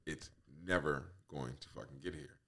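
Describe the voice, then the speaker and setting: Solo podcast host, man in his forties, very deep voice, loose and self-mocking, laughs a lot. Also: moderate pace, fairly bright tone. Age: 40s. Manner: laughs often, swears freely, self-mocking. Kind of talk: rambling solo podcast monologue.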